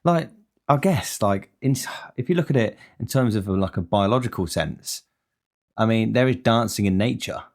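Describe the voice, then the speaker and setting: A man with a lowish voice holds forth in a casual solo monologue. He rambles from one grumble to the next, frank and quick to swear, in the easy, loose way of someone chatting at home to his listeners. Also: lively intonation, darkish tone.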